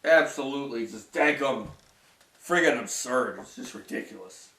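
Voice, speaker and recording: A man's voice: mid-range voice, animated, normal speed, pushed and bright. A man voicing a weary, washed-up male cartoon star who moans and rambles in complaining rants. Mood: gloomy. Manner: whiny, moaning, rambling rants. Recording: roomy echo from a distant mic.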